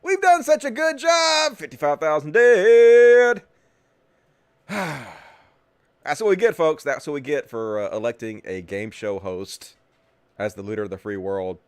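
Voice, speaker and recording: A man's voice: a little high, expressive, unhurried, clear, resonant tone, no room sound, studio quality. A man hosting a political talk show, ranting with sarcasm and lots of swearing. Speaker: host.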